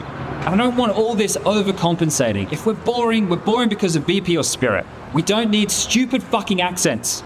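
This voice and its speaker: A man's voice: sits high, sing-song, a little fast, background noise. A man, an esports caster, bluntly scolding a teammate and swearing often. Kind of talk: heated team talk.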